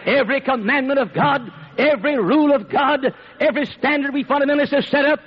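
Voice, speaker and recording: On a dull lo-fi recording, a man preaches emphatically and repetitively, building up to shouts. His voice is extremely high and his pace is quick.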